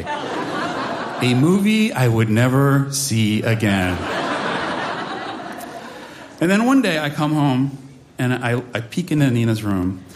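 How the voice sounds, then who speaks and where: A man in his forties telling a wry, animated personal story on stage to a live audience, with mock-dramatic asides. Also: medium pitch, a little hiss or hum.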